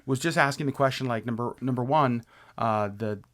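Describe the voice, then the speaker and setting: A man's voice: medium pitch, fairly quick. Earnest, enthusiastic male podcast co-host. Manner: earnest and enthusiastic, often restarts sentences. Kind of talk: casual conversational podcast chat.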